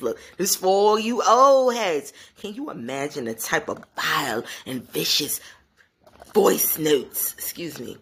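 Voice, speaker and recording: Woman, 40s, low-pitched podcast host, gossipy animated storyteller. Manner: animated, gossipy, talks straight to her listeners. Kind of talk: casual solo podcast storytelling.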